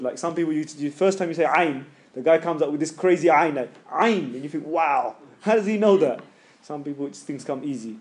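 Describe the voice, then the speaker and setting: Leading a tajweed lesson, this man keeps things casual and joking, drawing sounds out slowly and loudly as demonstrations. His voice is on the high side.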